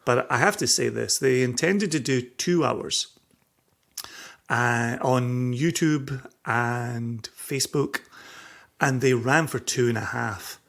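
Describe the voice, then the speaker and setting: A man co-hosting a podcast in easy, joking chat. His voice has a gravelly, creaky edge, and he pokes fun at himself in a dry, wry way. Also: medium pitch, takes it slowly, fairly bright tone. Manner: wry, self-mocking joker. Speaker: podcast co-host. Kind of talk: casual banter.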